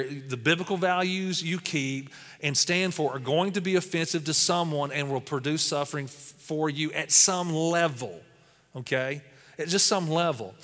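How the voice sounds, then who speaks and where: A man's voice: fairly high pitch, a bit bright, big-room sound. A man preaching a sermon as pastor, speaking conversationally with lots of "you know" fillers.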